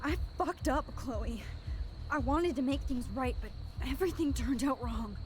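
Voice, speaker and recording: An earnest, anxious teenage girl in a video game. She pleads in a quiet, worried voice set high. A faint hiss sits behind her. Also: expressive, unhurried.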